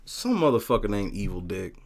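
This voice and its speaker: A man hosting a casual livestream, talking profanely and telling stories with lively shouted bits as he reads the chat. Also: on the low side, a little fast. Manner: profane, animated storytelling with shouted quotes. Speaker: livestream host reading chat.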